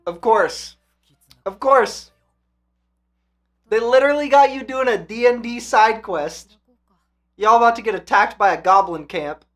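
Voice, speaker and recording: A man hosting an anime reaction channel, talking casually and excitedly, swearing and swinging between hyped shouts and quiet reflection. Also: extremely high pitch, normal speed, faint music behind.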